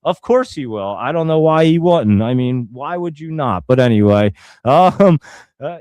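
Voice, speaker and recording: A man's voice: medium pitch, lively intonation, measured pace, a little mellow, clear, resonant tone, dry recording. A young man hosting a casual livestream, rambling and thinking aloud as he talks to viewers. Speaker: host.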